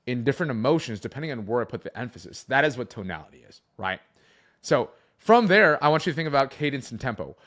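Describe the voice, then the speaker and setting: A young man coaching on sales, talking to camera in an animated way, shifting his emphasis and pace for effect. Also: mid-range voice.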